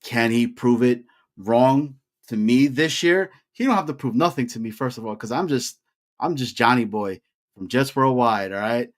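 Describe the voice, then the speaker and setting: A young man co-hosting a sports podcast, talking casually and getting worked up with loud, rising hype. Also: medium pitch, normal speed. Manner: animated, hypes with rising shouts. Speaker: podcast co-host.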